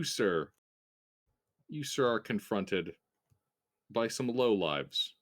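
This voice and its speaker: A man narrating as game master of a tabletop game, relaxed and full of fillers and restarts. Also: lowish voice.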